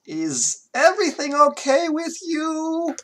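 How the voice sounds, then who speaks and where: A caring woman healer in a tabletop game, anxious and apologetic as she trips over her words, as a man puts on her voice. Her voice sits well above the performer's own, soft and fluttery. She sounds hurried. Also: high-pitched, very animated, pitched above the performer's own voice, full character voice. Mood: worried.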